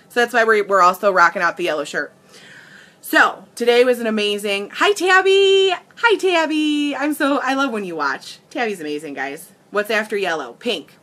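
A woman hosting a casual makeup livestream, gushing with excitement and tearful gratitude as she greets her viewers. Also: medium pitch.

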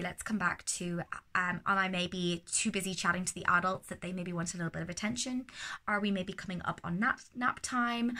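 A woman giving casual parenting advice, calm and steady, sometimes slipping into a soothing sing-song. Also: fairly low pitch. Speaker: parenting educator.

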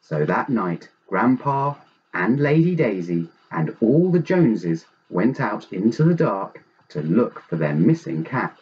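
Slow, lively low-voiced man reading a bedtime story. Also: dull audio, a little hiss or hum. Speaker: storybook reader. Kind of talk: bedtime story read aloud.

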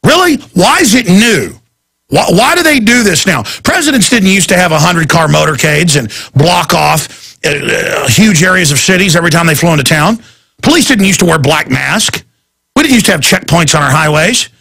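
A man's voice: on the high side, very animated, normal speed, vocal fry, pushed and bright, breathy edge. A man hosting a talk radio show, delivering a heated, rambling and indignant monologue.

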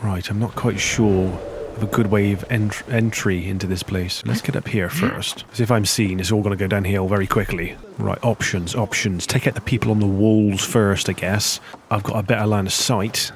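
A man talks his way through a video game in a low, relaxed voice, half muttering to himself. Every so often he jumps up into startled squeaks before dropping back to his easy running commentary. A faint hiss sits under the desk-mic sound. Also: moderate pace. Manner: chatty, muttering to himself, sudden high-pitched exclamations. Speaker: gameplay commentator. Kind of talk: let's play commentary.

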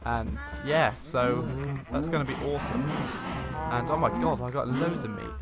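A man hosting a casual let's-play, talking in a chatty, rambling way on a boom-arm desk mic at home. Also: normal speed, loud music behind the voice. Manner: chatty and rambling, with many "like" fillers. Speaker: gaming channel host.

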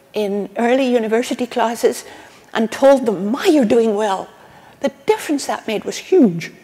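Older Scottish woman, keynote speaker, fairly high voice, earnest, long hall reverb. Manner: warm, earnest, with restarts and asides. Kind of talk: conference keynote lecture. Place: conference hall.

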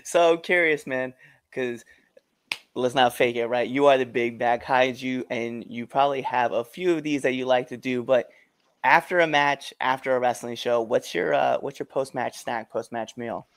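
A man's voice: mid-range voice, moderate pace, no room sound, studio quality. A man hosting a podcast interview, easygoing and friendly, laughing along with his guest. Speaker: podcast host. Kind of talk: casual interview chat.

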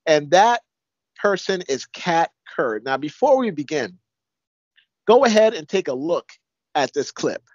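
A man's voice: on the high side, very animated, unhurried, pauses often, no echo. A male co-host giving casual, incredulous commentary with some chuckling. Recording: dull, dry lo-fi audio.

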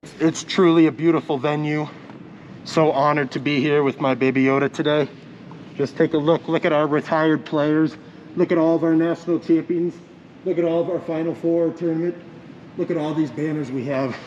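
A man's voice: on the high side, steady tone, moderate pace, darkish tone, lo-fi sound, a little hiss or hum. Proud, upbeat man vlogging on campus. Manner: proud, upbeat school-spirit talk. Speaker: vlogger in a Mandalorian-style costume. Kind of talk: casual vlog. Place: outdoors and in an arena on campus.

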